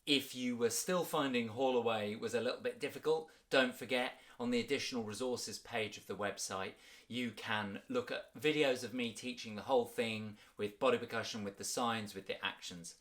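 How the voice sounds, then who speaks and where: A man leading a children's music workshop, energetic and encouraging, in an upbeat sing-song way. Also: mid-range voice, moderate pace.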